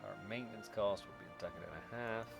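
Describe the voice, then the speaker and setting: A man's voice: lowish voice, quick pace, creaky. A man giving casual commentary while playing a strategy game, muttering to himself wryly with sudden exasperated outbursts. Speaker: strategy game let's-player. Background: game music.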